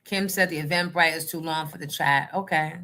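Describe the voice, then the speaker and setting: Outspoken NJ woman, livestream host, bright and forceful delivery. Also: low-pitched, fairly even intonation, a little fast. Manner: outspoken, talks back to the chat. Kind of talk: casual livestream chat.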